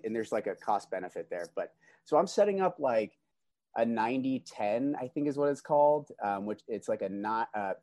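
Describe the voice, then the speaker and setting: A man's voice: on the low side, warm tone, dry recording. A man talking casually about his greenhouse grow, laid-back and slangy, with many restarts. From California. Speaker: greenhouse grower. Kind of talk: casual podcast chat.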